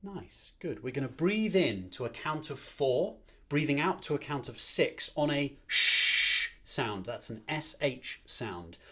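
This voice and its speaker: A man leading an online choir warm-up as conductor, giving upbeat, encouraging instructions and counting the breaths. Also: medium pitch, lively intonation, slow, slightly rough. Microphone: streamed to a screen.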